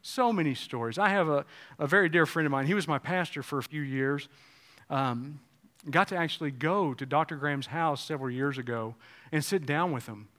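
A pastor preaching a sermon, swinging between loud exclamations and hushed, tender passages. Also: male voice, fairly high pitch, a little fast. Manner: swings from shouting to hushed tones.

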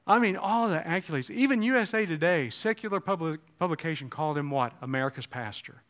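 Man preaching, fairly high voice, wide swings between shouting and hushed tones. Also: animated, fast. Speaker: pastor. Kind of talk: sermon.

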